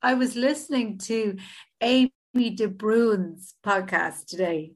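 An Irish woman co-hosting a podcast, telling stories in a sweary, animated way. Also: mid-range voice, slow pace. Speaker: podcast co-host. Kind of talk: casual chat.

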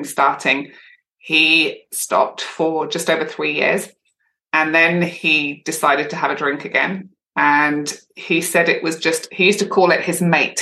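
Woman podcast guest, lower register, earnest and candid, echoey room. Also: fairly bright tone. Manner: earnest and open, speaks in long run-on stories. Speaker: podcast guest, sobriety coach. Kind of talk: candid conversational interview. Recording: roomy echo.

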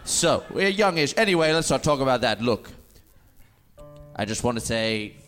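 A blustering, crude old police chief leans in with man-to-man advice, as a man voices him. His voice sits mid-pitch, and faint music plays underneath. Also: big pitch swings, normal speed, fairly bright tone. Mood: conspiratorial.

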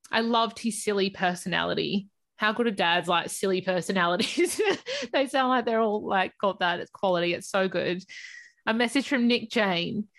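A woman's voice: mid-range voice, fairly bright tone, dry recording. A woman co-hosting a podcast, reading listener messages aloud and chatting easily between them. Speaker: podcast co-host.

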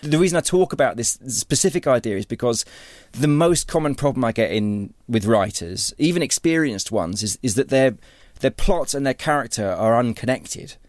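A man's voice: mid-range voice, expressive, normal speed, hardly any pauses, dry recording, clean studio sound. Rambling man explaining story craft. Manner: rambling, many restarts and repeated words. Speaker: author and writing teacher. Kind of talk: conversational interview.

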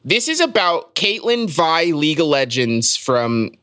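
A man's voice: on the high side, sing-song, a little slow, pushed and bright, no echo, studio quality. A man co-hosting a comedy podcast, rambling through a story in casual chat with many ums. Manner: rambling, hesitant, full of ums. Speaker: podcast co-host.

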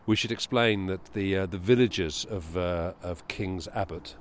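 A man's voice: low voice, normal speed, slight background noise. A man co-hosting a podcast outdoors in a small park, chatting casually with a dry, skeptical humor. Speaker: podcast co-host. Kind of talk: casual chat and reading aloud on a walk.

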